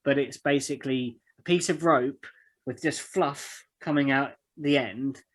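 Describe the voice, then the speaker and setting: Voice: medium pitch, poor audio. A game master narrating a tabletop game among friends in a loose, rambling way. The voice sits mid-range, and the description stops and restarts often around fillers. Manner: rambling, halting description with many fillers and laughs.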